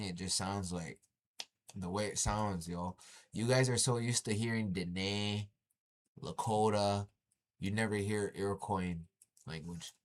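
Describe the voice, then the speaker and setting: A man casually commenting on a video he is watching, animated and slangy, often exclaiming. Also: lowish voice.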